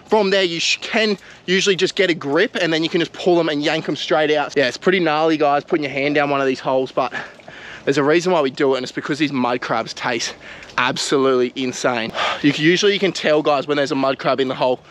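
Excitable Australian man vlogging outdoors. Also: a little high, quick pace. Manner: excitable, slangy, swears mildly, addresses viewers as guys. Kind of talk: casual vlog narration to camera. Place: outdoors in mangrove mud flats.

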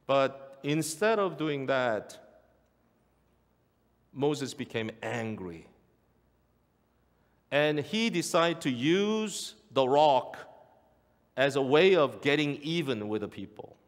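A man's voice: medium pitch, sing-song, slow pace, pauses often. A male pastor preaching a sermon, emphatic and repeating key phrases for weight. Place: church sanctuary. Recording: long church hall reverb.

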